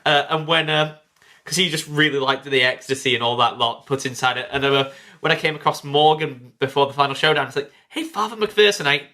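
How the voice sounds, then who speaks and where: A man, telling stories animatedly as a podcast co-host. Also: a little fast. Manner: animated storytelling, acts out quotes in higher voices. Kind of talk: casual podcast chat.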